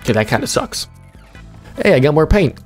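A young man giving casual, jokey commentary while opening game cases, excitable and swearing, his voice jumping up when he gets hyped. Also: on the high side, brisk, faint music behind. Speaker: gaming streamer.

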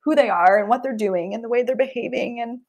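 Her voice a little high and slightly mellow, a young adult woman therapist talks fast during an interview, sounding earnest, heartfelt and reflective.

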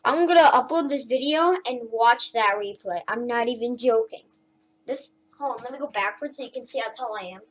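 A woman streamer talks through her gameplay in a casual, chatty way. Her voice sits high. She is excitable and breaks into shouts and squeals when something goes her way. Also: brisk, hardly any pauses. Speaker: gaming streamer.

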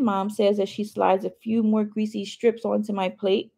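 A woman's voice: medium pitch, level tone, normal speed, vocal fry, mellow. A woman reading a novel chapter aloud in first person, adding chatty asides to her listeners. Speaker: reader.

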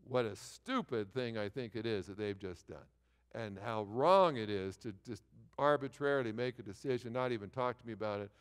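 A middle-aged man preaching a sermon, telling stories with lively, stop-and-start phrasing. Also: mid-range voice, normal speed, clear, resonant tone. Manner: animated storytelling with repeated false starts. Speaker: pastor. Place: large church sanctuary. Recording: long hall reverb.

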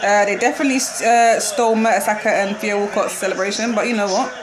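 A young woman reacting live to a football match, excitable and quick to shriek and laugh. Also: mid-range voice. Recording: loud crowd noise behind. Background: crowd noise from the match broadcast.

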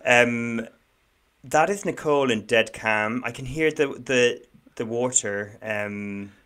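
A man's voice: medium pitch, takes it slowly, fairly bright tone, clear, resonant tone. Jokey, self-deprecating male co-host. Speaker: podcast co-host guessing in a quiz. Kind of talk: casual chat.

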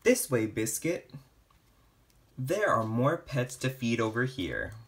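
Slow-reading man at children's storytime. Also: medium pitch, sing-song. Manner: slow, gentle reading with playful barks and meows. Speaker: storytime reader. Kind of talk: children's picture-book read-aloud.

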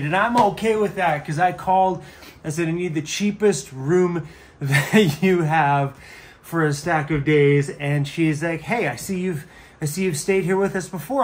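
Chatty man vlogging on the road. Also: high voice. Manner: chatty, laughs often, talks fondly to his dog. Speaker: van life vlogger. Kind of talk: casual vlog chat.

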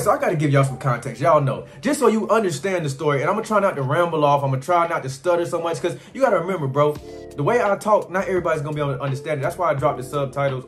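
A young man from California, telling a travel story in a loose, slangy way. His pitch rises and falls a lot, jumping high on exclamations and dropping low and quiet for asides. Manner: animated, rambling, slangy storytelling. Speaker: travel vlogger. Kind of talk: casual storytelling vlog.

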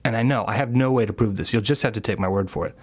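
Lowish-voiced wry male podcast host. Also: very fast. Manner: wry, self-mocking storyteller. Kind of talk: scripted storytelling narration.

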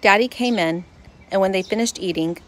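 A woman narrating a children's storybook in first person, expressive and lively. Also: mid-range voice, fairly quick.

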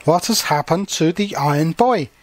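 A man's voice: on the high side, animated, normal speed. A man reading as a curious young boy. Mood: earnest.

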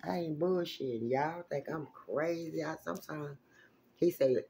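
A woman giving a casual tarot reading, animated and exclamatory, with plenty of salty, profane asides. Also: low voice, moderate pace, creaky, a little hiss or hum. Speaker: tarot reader.

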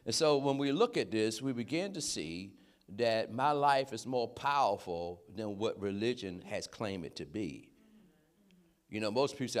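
A man preaching a sermon in a lively, conversational way, breaking in with short affirmations and laughing as he talks. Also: mid-range voice, moderate pace. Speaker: pastor.

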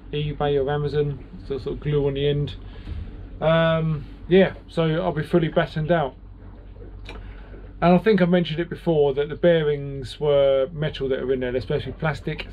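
A man's voice: fairly high pitch, muffled recording, slight background noise. A man with a British accent vlogging from his boat about repairs, rambling and self-mocking as he chats to his viewers. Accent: British English. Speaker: sailing vlogger. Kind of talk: casual vlog to camera.

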